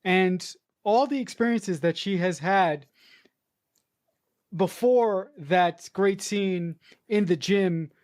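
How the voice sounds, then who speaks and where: Co-host, casual film chat, mid-pitch voice, halting repeats. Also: a little mellow. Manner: repeats words while searching for phrasing. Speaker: podcast co-host. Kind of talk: casual movie review chat.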